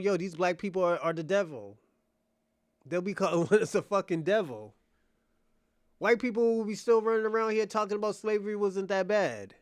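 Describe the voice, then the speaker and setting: Host, man with a high voice, blunt and profane, casual. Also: clean tone, dry recording, clean studio sound. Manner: blunt, profane, laughing asides. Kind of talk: casual commentary.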